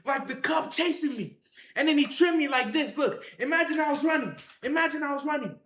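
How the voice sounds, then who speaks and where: A speaker telling a wild story to viewers in casual slang, acting out fights with shouted sound effects and repeated phrases. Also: high-pitched, brisk, reverberant, slight background noise. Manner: excited, acts out the action with sound effects and shouts. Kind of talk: animated tall-tale storytelling to viewers.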